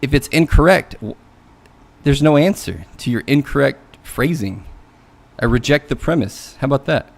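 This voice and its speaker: An expressive, gravelly mid-range male voice at normal speed delivers a casual rant. The man, a coding learnalong streamer, loosely vents about a poor job interview while cursing and mocking people with voices put on for quotes.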